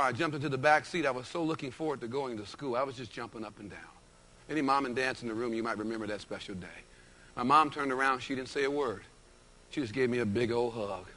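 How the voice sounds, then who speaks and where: An energetic man giving a live motivational keynote, punching key phrases for emphasis. His voice is bright and forward as he tells personal stories to the audience. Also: medium pitch. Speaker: motivational speaker.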